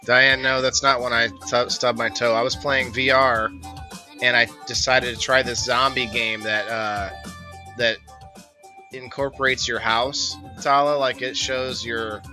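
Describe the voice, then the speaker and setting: A man's voice: medium pitch, little pitch movement, measured pace, music in the background. A man hosting a casual live stream, rambling and joking as he greets viewers by name. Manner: rambling, jokey, addresses chat viewers by name. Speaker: livestream host.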